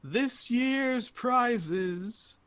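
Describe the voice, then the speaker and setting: A man voicing a showy male arena announcer who calls out to a crowd in a drawn-out, grand way. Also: extremely high pitch, expressive, fairly bright tone, smooth, dry recording, pitched above the performer's own voice, heavily acted.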